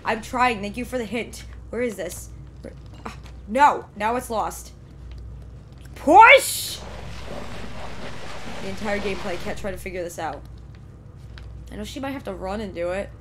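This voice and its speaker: A young woman streaming a horror game live, excitably reacting out loud and talking to the game and her chat from a desk mic at home. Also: medium pitch, brisk, slight background noise. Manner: excitable, exclaims and talks to the game. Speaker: gameplay streamer. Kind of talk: live let's play commentary.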